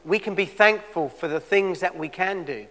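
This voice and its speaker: A male preacher delivering a sermon in a church, swinging between loud emphatic peaks and quiet asides. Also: high voice, moderate pace, long reverb tail.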